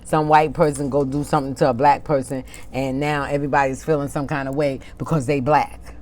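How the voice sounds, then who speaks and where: A woman preaching an informal, impassioned sermon, reading scripture slowly and then arguing with an imagined congregation. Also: very deep voice, little pitch movement, a little mellow. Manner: impassioned, talks back to an imagined congregation, laughs at herself; reads scripture slowly and deliberately.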